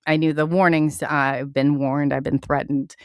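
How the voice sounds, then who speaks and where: A woman's voice: deep voice, flat delivery, moderate pace, clean tone, dry recording, clean studio sound. A woman hosting a live online radio show, talking in an impassioned, earnest way with many restarts.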